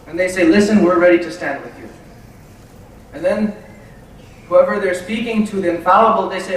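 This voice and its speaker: A man's voice: high-pitched, moderate pace, pauses often, a little hiss or hum. A man giving a religious lecture, telling stories and acting out the dialogue with animation. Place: large hall at a community center. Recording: echoey hall, mic from a distance.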